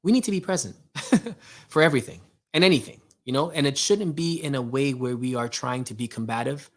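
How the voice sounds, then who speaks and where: A man's voice: medium pitch, fairly quick. A man hosting a casual motivational talk, speaking preachily, firing rhetorical questions and addressing listeners directly. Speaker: host.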